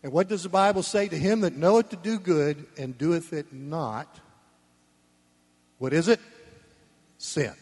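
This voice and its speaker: A man preaching a sermon, blunt and folksy, swinging between loud emphasis and soft asides. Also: on the high side, unhurried, pauses often, slightly rough. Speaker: pastor. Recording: long reverb of a church hall.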